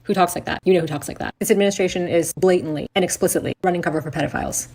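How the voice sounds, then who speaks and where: A woman's voice: lowish voice, rapid-fire, gravelly, darkish tone, husky. A woman co-hosting a talk show, reading a redacted report aloud and breaking off with sarcastic, indignant commentary and swearing. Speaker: podcast co-host.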